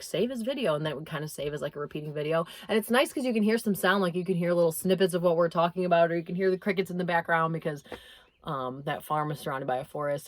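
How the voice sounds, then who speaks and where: A woman's voice: low-pitched, no echo. A young woman vlogging in a rambling, self-deprecating, chatty way. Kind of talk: casual chatty vlog narration.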